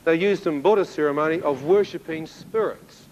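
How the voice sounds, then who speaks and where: A man from New Zealand with a New Zealand accent, telling his testimony as a sermon and acting out the dialogue in an animated way. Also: a little high, normal speed, dull audio, a little hiss or hum. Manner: animated storyteller who acts out dialogue, with laughs. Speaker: preacher giving a testimony.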